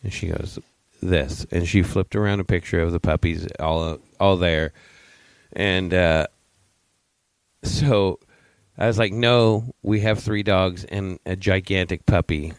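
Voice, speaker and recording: A middle-aged man co-hosting a casual podcast, telling meandering stories with a teasing edge. His voice is very low. The recording is dry and close, with no room around it. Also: steady tone, slow, clean tone, no room sound. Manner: rambling, teasing storyteller. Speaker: podcast co-host. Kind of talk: casual chat.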